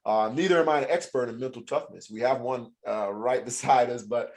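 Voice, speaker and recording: A man's voice: mid-range voice, brisk, a little mellow. Chatty man hosting a video call. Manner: chatty, many restarts, laughs easily. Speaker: host. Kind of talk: casual video call interview.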